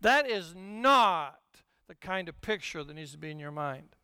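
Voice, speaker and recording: Animated older man preaching a sermon. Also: sits high, a little slow, clear, resonant tone, dry recording. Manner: dynamic, swings from hushed to shouting; storytelling with humor. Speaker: pastor.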